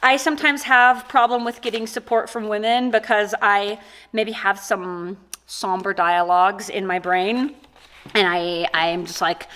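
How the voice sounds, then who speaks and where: A woman's voice: medium pitch, normal speed, a bit bright. A woman chatting casually in an unboxing vlog, bubbly and giggly, rambling with lots of "like"s. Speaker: corset maker and vlogger.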